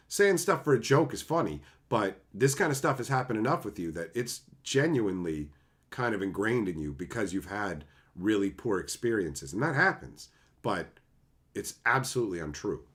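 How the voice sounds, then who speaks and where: A man from Canada streaming live, reading chat and joking crudely with lots of laughter, sometimes dropping into low, earnest advice. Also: expressive, moderate pace.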